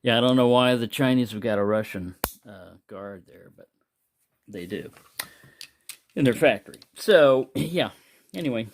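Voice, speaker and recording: A man's voice: medium pitch, a little slow, long pauses, a little hiss or hum. A man hosting his own channel, talking in a loose, meandering way in a casual monologue. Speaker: knife collector and channel host.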